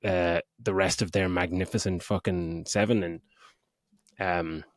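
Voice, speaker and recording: A man's voice: low voice, steady tone, measured pace, no echo. Middle-aged man, dry close sound. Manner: sweary, giggling, rambling with restarts. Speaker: podcast co-host. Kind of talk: casual chat.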